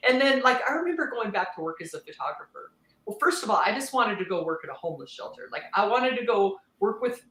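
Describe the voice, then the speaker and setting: A woman guest on a podcast, telling her story in a candid, lively way, laughing often and acting out what others said. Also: on the low side, roomy sound, low-quality recording. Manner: animated, laughs often, acts out quoted voices.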